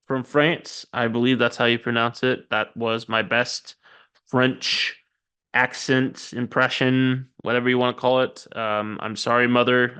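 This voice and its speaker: A man's voice: mid-range voice, sharp tone, smooth. A man hosting a casual sports podcast, running through news with chatty, self-deprecating asides and frequent ums. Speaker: podcast host.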